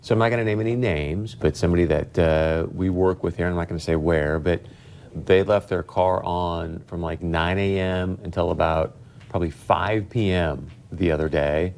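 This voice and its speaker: A man's voice: sits low, normal speed, a little mellow. A man co-anchoring a local TV newscast, teasing his partner and telling jokey stories between items. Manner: teasing, jokey, tells anecdotes. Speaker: TV news anchor. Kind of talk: casual on-air banter between news stories. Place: TV news studio.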